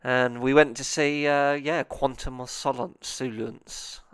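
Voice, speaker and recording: A man's voice: medium pitch, fairly even intonation, measured pace, fairly bright tone, clean tone, no room sound. A man hosting his own movie review show, rambling in a naive, self-interrupting comic monologue.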